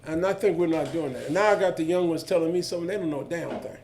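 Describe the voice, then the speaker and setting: This is an older man, telling stories on a panel in a lively, colloquial way. His voice sits a touch high for a man, and he slips into the voices of the people in his stories. A faint hiss of noise runs under the recording. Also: racing. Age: 70s. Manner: animated, colloquial, jumps into voices of others. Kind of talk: storytelling panel talk.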